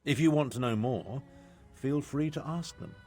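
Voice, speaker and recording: An actor playing a pompous, self-important older imperial battle mage in a video game, lecturing with an air of superiority. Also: male voice, mid-range voice, normal speed, dark tone, soft background music, natural voice. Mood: explaining.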